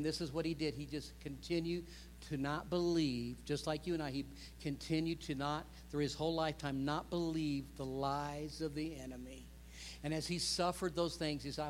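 A man in his fifties preaching a sermon, building to loud, impassioned stretches and acting out quoted prayers. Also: a little high, big-room sound, slight background noise. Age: 50s. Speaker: pastor.

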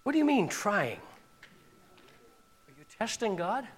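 During a sermon in a church sanctuary, a male pastor whose voice sits high and swings widely in pitch speaks at a measured pace. He leads the congregation in call-and-response with mounting passion until he is shouting, and a long reverb tail follows his words.

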